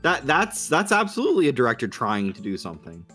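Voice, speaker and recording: A man's voice: mid-range voice, huge pitch swings, fast, pushed and bright. A man co-hosting a podcast in casual chat, explaining things and laughing often, with faint music behind. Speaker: podcast co-host.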